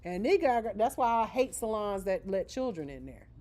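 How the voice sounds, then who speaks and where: A woman's voice: mid-range voice, big pitch swings, moderate pace, a little mellow. A woman teaching a live beginner manicuring class, chatty and casual, checking in with "okay?" after nearly every point while she demonstrates with her hands. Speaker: nail school instructor.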